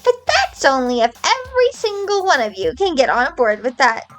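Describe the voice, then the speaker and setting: This is a gloating cartoonish bear voiced by a woman reading a game aloud. The voice sits high and bounces all over as he teases his captives. Faint music plays behind him. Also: very animated, normal speed. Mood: smug. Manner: mocking, teasing taunts. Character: smug scheming male bear mastermind.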